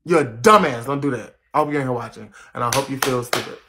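A man's voice: mid-range voice, fairly even intonation, background noise. A young man hosting a casual livestream chat, brash and profane, reading viewer comments aloud and ranting at them. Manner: brash, profane, quick to rant. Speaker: livestream host.

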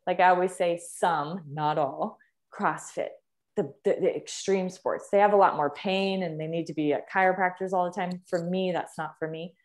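A young woman with a slightly lower voice talks fitness and health as a podcast guest. She is enthusiastic and emphatic, stacking words and repeating them to drive each point home. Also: steady tone, normal speed. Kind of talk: conversational podcast interview.

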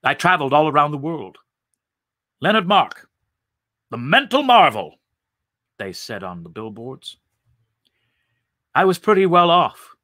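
A man voicing a calm, matter-of-fact telepathic young man of eighteen. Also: a little high, a little slow, pauses often, no echo, clean studio sound, voice pushed up, heavily acted.

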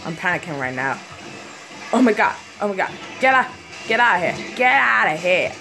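A woman giving live gameplay commentary, excitable and quick to panic, exclaiming often and laughing at herself. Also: on the high side, gravelly, over music. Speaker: gaming video host.

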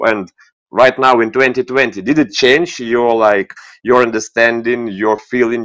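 A man's voice: lowish voice, a bit bright. A man who is a guest in a casual interview, asking questions hesitantly and searching for words.

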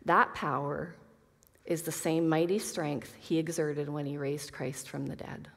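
A woman gives an earnest Bible lesson to a group of women, moving between scripture readings and casual asides. Her voice sits a little low. A long hall reverb trails after her words. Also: fairly even intonation, a little slow, gravelly. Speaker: Bible study teacher.

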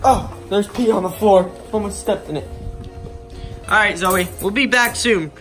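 A young man vlogging casually, excitable and out of breath after chasing animals outdoors. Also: high-pitched, unhurried, faint music behind. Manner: excitable, yells in panic. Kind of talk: casual vlog narration. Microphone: handheld camera.

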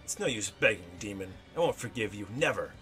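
A man's voice: fairly low pitch, animated, fairly quick, bright, forceful tone, soft background music. A man voicing a gleeful, sadistic male demon villain in a video game, taunting and cackling. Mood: cold.

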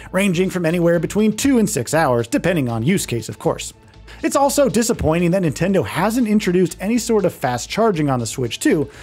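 A man narrating a scripted tech video in a lively read that often drops in pitch at the ends of clauses. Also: breathy edge. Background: faint background music.

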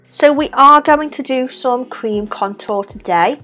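Soft music plays behind a young woman with a Scouse accent whose high-pitched, pushed and bright voice moves a little slowly. She chats casually through a makeup tutorial, narrating each step as she applies it.

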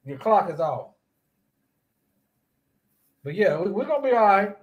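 A man with a notably high voice who stumbles and repeats himself as he talks. He laughs often in a casual online call. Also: sing-song, unhurried, lo-fi sound. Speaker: podcast co-host. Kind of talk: casual religious discussion.

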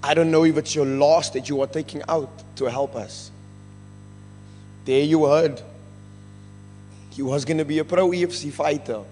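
A man's voice: fairly high pitch, steady tone, normal speed, long pauses, mellow. A South African man stands before a congregation and gives an earnest, emotional testimony, slipping between English and Afrikaans. His voice rings out through a large, reverberant church hall, with faint music underneath. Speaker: rehab ministry member giving thanks.

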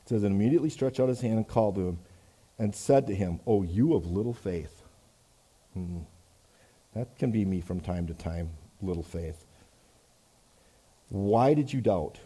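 A man's voice: lowish voice, a little slow, long pauses, slightly rough. A man preaching a sermon, reading scripture aloud and adding conversational asides in a church. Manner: conversational, many "you know" asides, swings between loud reading and quiet reflection. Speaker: pastor.

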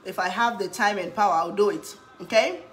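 A woman chatting casually in an eating vlog, humming with pleasure between bites and cheering when something catches her eye, then giving a playful pitch for her own products. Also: fairly quick, faint music behind. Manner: chatty, talks while eating, hums with pleasure, bursts into cheers. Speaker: cooking vlogger.

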